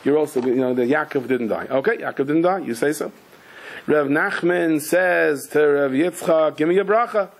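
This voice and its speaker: Brief: male rabbi, fairly high voice, animated storytelling sermon, acts out characters with sudden shouts. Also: normal speed, vocal fry. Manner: mixes Hebrew and Yiddish terms into English. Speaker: rabbi giving a Torah class.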